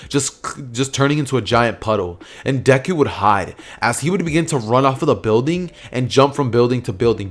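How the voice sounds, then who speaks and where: A man casually narrating a fan story, rambling with lots of fillers and restarts. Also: lowish voice.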